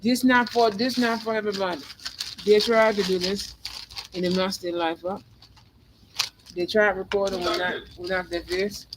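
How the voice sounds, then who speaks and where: High-voiced man giving a rambling tarot reading. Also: steady tone, moderate pace, long pauses, background noise. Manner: rambling, repeats phrases, emphatic. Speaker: tarot reader. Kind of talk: spiritual tarot reading monologue.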